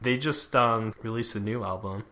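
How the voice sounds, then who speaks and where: A young man on a podcast with a bright, forceful tone. He talks in a loose, rambling way and leans on filler words. This is casual chat among friends. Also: lowish voice, moderate pace. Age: young adult. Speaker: podcast co-host.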